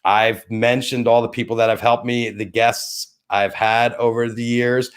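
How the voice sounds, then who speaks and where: A man's voice: medium pitch, level tone, measured pace, clear, resonant tone. A middle-aged man hosting a casual live stream, rambling as he thanks viewers by name and plugs sponsors. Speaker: host of a live-stream show.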